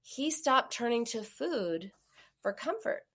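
A woman gives a coaching talk in a fairly high, very lively voice. She takes her time over each phrase. She acts out the voices she quotes. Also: takes it slowly. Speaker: therapist or coach giving a talk. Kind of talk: motivational talk on binge eating.

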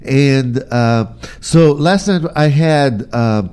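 A man's voice: mid-range voice, extremely slow, darkish tone, clean tone. A man co-hosting a casual talk show, rambling with many fillers and restarts. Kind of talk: casual chat. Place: near Burbank, California.

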